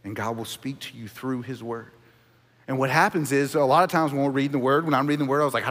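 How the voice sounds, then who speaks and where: A man in his thirties preaching a sermon as pastor, earnest, dropping to a hush on key points. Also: a little high, in a large hall.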